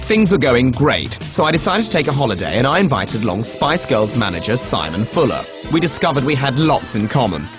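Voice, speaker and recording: A man's voice: medium pitch, big pitch swings, fairly quick, few pauses, music in the background. A man narrating a comic mock-documentary in a smug, boastful manner.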